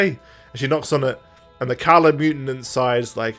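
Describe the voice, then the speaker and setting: A man co-hosting a podcast, casually recapping an audio drama and acting out the characters' lines with big jumps in pitch and loudness. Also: fairly quick, soft background music. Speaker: podcast co-host.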